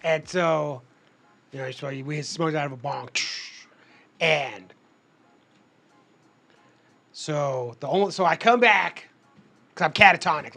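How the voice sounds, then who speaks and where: A man telling a story in a casual podcast chat, animated and swearing freely as he acts out what people said. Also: a little high, moderate pace, gravelly, pauses often.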